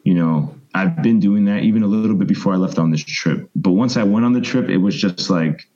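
Man, thirties, lowish voice, rambling interview guest on a slightly dull lo-fi recording. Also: fairly quick. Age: 30s. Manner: rambling, animated storyteller, mimics voices. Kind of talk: casual storytelling interview.

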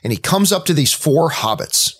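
A man with a slightly raised pitch co-hosts a casual movie podcast. He tells his stories with open emotion and enthusiasm, building up to the moments he loves. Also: expressive, moderate pace, a bit bright, breathy edge. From Canada. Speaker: podcast co-host.

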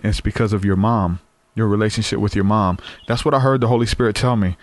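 A man tells his story in an earnest, easygoing way, often restarting his sentences. His voice sits low. The sound is close and dry, with no room echo. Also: brisk. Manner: earnest, conversational, frequent fillers and restarts. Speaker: guest sharing testimony. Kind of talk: casual storytelling.

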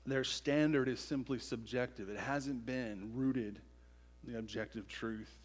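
A man preaching a sermon as pastor, emphatic, tossing in "right?" asides and swinging from loud declarations to near-quiet. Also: mid-range voice, fairly even intonation, measured pace.

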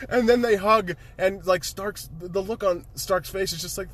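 A man with a slightly raised voice recounts scenes in a loose, excited chat. He swears constantly, laughs between lines and piles up restarts as he goes. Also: high-pitched, slow, pauses often, slight background noise. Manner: excitable, profane, laughs often. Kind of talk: casual chat, movie recap.

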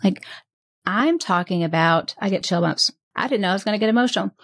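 A woman's voice: medium pitch, expressive, fairly quick, no echo. Earnest woman coach, dry close sound. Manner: earnest and heartfelt, with soft laughs. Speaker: podcast host and business coach. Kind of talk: candid conversational interview.

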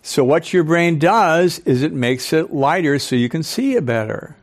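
An older man giving a live lecture to an audience as a speaker and professor, animated, often quizzing listeners with questions. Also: on the high side, moderate pace. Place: club hall with a live audience.

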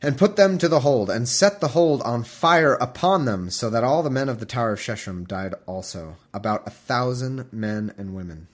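A man's voice: mid-range voice, lively intonation, moderate pace, few pauses. A man hosting a podcast, reading scripture aloud with wry, irreverent asides. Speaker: podcast host. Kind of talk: comedic scripture reading with commentary.

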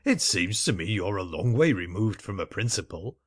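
A curt male solicitor brushes people off with terse, scornful lines, read by a man. The voice sits fairly low and is recorded dry and close. It comes from a storybook-style audiobook reading. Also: animated, normal speed, slightly rough, no room sound.

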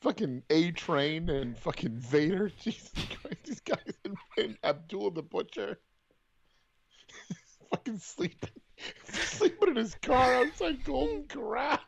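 Podcast co-host, man, husky gravelly voice, wildly lively pitch, dull lo-fi sound. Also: unhurried, a little hiss or hum. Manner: giggly, profane, very animated banter. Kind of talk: casual comedy podcast chat.

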